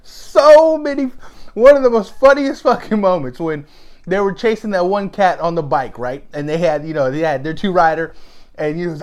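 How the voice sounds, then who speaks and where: Excitable profane man reviewing a movie. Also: sits high, moderate pace. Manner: excitable, profane, laughs often, quotes scenes in animated bursts. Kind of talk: casual spoken review.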